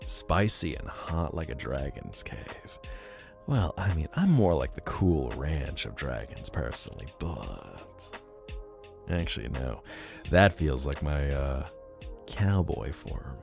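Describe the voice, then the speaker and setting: A man's voice: rumbling low, very animated, takes it slowly, creaky, darkish tone. A man streaming live, chatting casually and playfully teasing his viewers as he reacts to chat. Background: faint guitar music.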